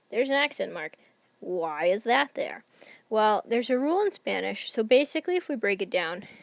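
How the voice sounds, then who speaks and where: A woman's voice: medium pitch, dry recording. A woman teacher explaining grammar rules in a patient, step-by-step recorded lesson. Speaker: Spanish teacher.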